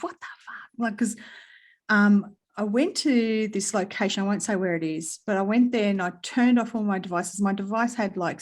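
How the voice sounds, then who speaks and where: An Australian woman sits in a relaxed spiritual chat and tells her story with lots of energy. She swears freely and laughs often, and her voice rises and falls in a lively way. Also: mid-range voice. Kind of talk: casual spiritual conversation.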